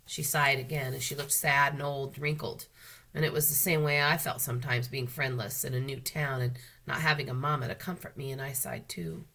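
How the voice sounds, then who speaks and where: A woman librarian reading a children's book aloud, with expressive, unhurried storytelling. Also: rumbling low.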